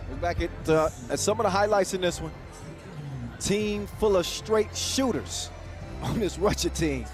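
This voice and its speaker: A man calling a basketball game live, quick and jokey, with excited bursts on big plays. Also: high voice. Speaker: play-by-play commentator. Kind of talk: live sports commentary. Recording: commentary over loud arena music and crowd.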